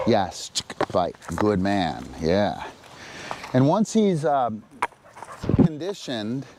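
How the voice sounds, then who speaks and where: A man demonstrating dog training on a live stream, explaining in halting, relaxed speech between short sharp cues to the dog. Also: medium pitch, background noise.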